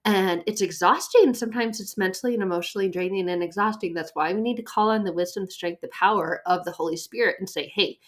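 Chatty, animated woman podcast host. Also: medium pitch, quick pace, hardly any pauses. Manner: chatty, animated, acts out quoted voices. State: pregnant, a bit short of breath. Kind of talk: faith podcast monologue.

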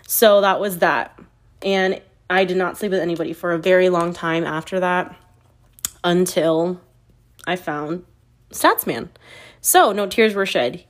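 A woman's voice: on the low side, a little slow, pauses often. A woman in her early thirties hosting a podcast, telling candid stories in a casual, self-mocking way. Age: 30s. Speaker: podcast host. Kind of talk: casual confessional chat.

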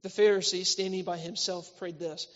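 A man's voice: high-pitched, fairly even intonation, moderate pace. Man preaching in an echoing hall. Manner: swings between loud emphatic lines and quiet intimate ones. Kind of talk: church sermon. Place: church hall. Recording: reverberant hall, slightly dull sound.

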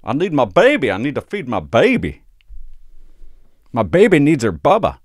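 A man voicing a drunk, desperate young mother in a stand-up bit, pleading in a high wail. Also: huge pitch swings, normal speed, no echo, studio quality.

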